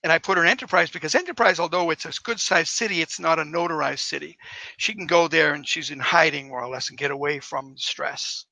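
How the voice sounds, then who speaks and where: A male author guest who tells stories in a rambling, enthusiastic way. His voice is gravelly and sharply bright. It sounds dry and close. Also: on the high side, fairly quick, no echo, low-quality recording. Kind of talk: casual interview.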